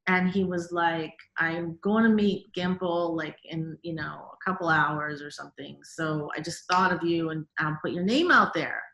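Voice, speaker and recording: Animated woman guest director, bright-toned, chatty, roomy sound. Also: deep voice. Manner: animated, quick, many "like"s and quoted reactions. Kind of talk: casual interview storytelling.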